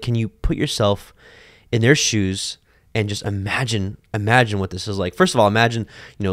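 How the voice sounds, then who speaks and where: Brief: casual male bible teacher, chatty and animated, dry close sound. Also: medium pitch, no room sound. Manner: animated, acts out voices, many fillers.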